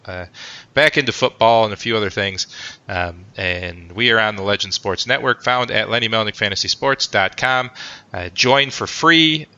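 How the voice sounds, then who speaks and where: A man's voice: on the low side, pushed and bright, smooth. A man hosting a casual sports podcast, joking and rambling with lots of fillers. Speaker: podcast host. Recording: dull lo-fi sound.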